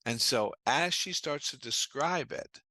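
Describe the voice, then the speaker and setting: A man's voice: mid-range voice, lively intonation, a little slow, bright, forceful tone, no room sound. A man being interviewed as a trauma therapist, explaining earnestly and telling anecdotes in a conversational way.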